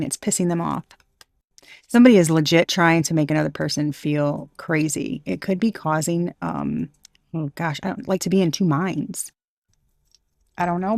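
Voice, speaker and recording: A woman's voice: fairly low pitch, no room sound. A woman giving an intuitive tarot reading, thinking aloud in a rambling, hesitant way with many restarts and a playful streak. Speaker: tarot reader.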